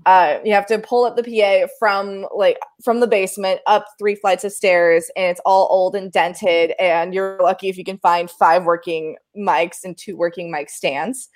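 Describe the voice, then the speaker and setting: Laughing, animated woman telling a story. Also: mid-range voice, normal speed, few pauses. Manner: animated, laughing often, acts out quotes. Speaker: live sound engineer telling a story. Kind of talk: casual storytelling chat.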